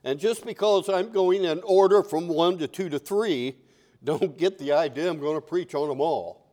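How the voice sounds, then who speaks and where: Older man, pastor, high voice, chatty sermon, repeats himself. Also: moderate pace, dark tone. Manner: conversational, repeats key phrases.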